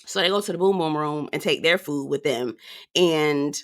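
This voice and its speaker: Speaking at a moderate pace in a low-pitched voice, this woman reviews a reality TV show for her viewers, addressing them directly. Her commentary is casual, sassy and outspoken.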